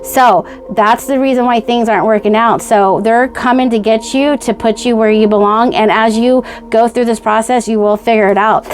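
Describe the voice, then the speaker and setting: A woman giving a pick-a-card tarot reading, gushing and excitable, speaking straight to the viewer and checking in with "okay?" and "right?". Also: on the high side, normal speed, few pauses, soft background music. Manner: says "okay?" and "right?" often. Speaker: tarot reader.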